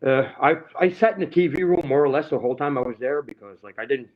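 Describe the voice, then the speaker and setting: A man's voice: mid-range voice, animated, fast. Male guest on a livestream, rambling and profane, dull audio. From Canada. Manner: rambling, heavily profane, aggrieved. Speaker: guest telling his story. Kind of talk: casual livestream chat.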